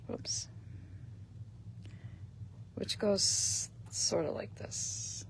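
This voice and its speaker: A woman talking slowly and casually while she demonstrates a craft, her voice gravelly with plenty of fry. She thinks aloud and clears her throat often. A faint hiss of noise sits under the recording. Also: sits low, wildly swooping pitch. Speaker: host of a craft shop live stream. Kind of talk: casual demonstration on a live stream.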